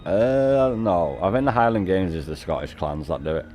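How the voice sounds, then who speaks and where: A man's voice: low voice, very animated, moderate pace, warm tone. A man, chatting casually on a game stream, swearing constantly and laughing often as he banters with his viewers. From North West England.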